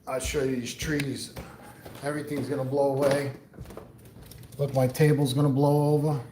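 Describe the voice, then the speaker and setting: A man's voice: mid-range voice, level tone, moderate pace, echoey room, background noise. A middle-aged man from New York with a mixed New York accent, chatting casually and rambling as he answers viewers on his livestream outdoors. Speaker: livestream host. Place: outdoors on a windy day.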